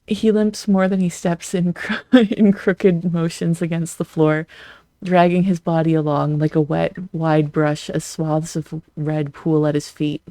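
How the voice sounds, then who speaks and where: Flat, gravelly game reader. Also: medium pitch, unhurried, no room sound. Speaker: let's play streamer. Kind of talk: reading a visual novel aloud with asides.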